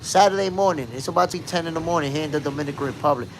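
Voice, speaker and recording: A man hosting a casual live boxing talk stream, speaking emphatically and shouting out viewers in the chat. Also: a little high, racing, slight background noise. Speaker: boxing show host.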